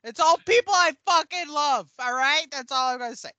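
A woman's voice: high-pitched, a little fast, pushed and bright, no room sound. A woman co-hosting a casual film chat, blunt and playful, swearing freely. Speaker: podcast co-host.

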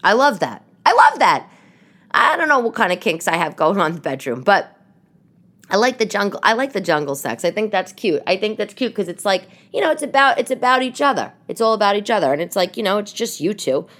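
A woman with a New York accent hosting a casual podcast chat from her living room, telling stories in an animated, expressive way. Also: medium pitch, quick pace. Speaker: podcast host.

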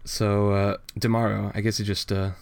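A man's voice: lowish voice, level tone, moderate pace, gravelly, smooth, no room sound. A man co-hosting a podcast, casually chatting through a comic, laid-back and swearing often. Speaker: podcast co-host. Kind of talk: casual chat reviewing a comic.

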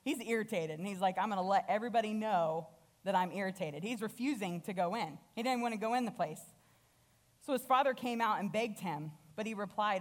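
Woman preaching with animated storytelling. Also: mid-range voice, fairly quick. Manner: animated storytelling, acting out characters' lines. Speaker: guest speaker. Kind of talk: sermon.

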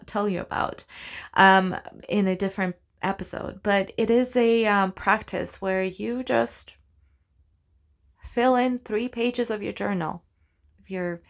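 An earnest woman talks through a reflective solo podcast at a slow, unhurried pace. She is thoughtful and sincere, often stopping and restarting her phrases. Her pitch sits in a middle range for a woman. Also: a bit bright. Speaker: podcast host, actor.

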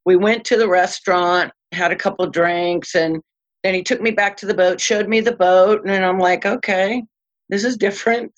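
An older woman telling a personal story as an interview guest, acting out the dialogue with lively jumps in her voice. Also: dull audio. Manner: animated, acts out quoted dialogue with sudden pitch jumps and laughs. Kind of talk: casual anecdotal storytelling.

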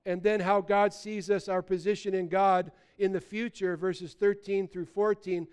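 A man, preaching a sermon, animated, swinging between loud bursts and quiet asides. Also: high-pitched, moderate pace, clean tone. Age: 60s. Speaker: pastor.

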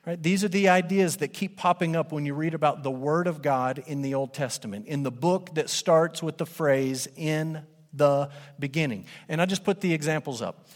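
A man preaching a sermon as pastor, animated and conversational, speaking to a congregation in a church. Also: fairly high pitch, moderate pace. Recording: long hall reverb.

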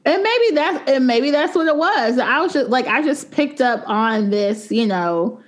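A woman's voice: high voice, animated, unhurried. A young adult woman, co-hosting a podcast and telling a story in a chatty way with many fillers. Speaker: podcast co-host. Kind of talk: casual chat.

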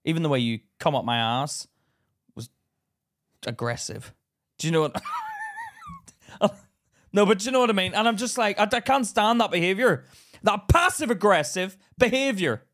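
Male podcast co-host, high and very lively voice, profane storyteller. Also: moderate pace, long pauses. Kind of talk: casual chat.

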